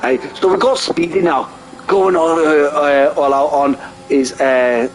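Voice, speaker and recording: A man giving casual live sim racing commentary, excitable and jokey, often laughing at his own crude remarks. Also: a little high, unhurried, slight background noise, rough recording. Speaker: race commentator.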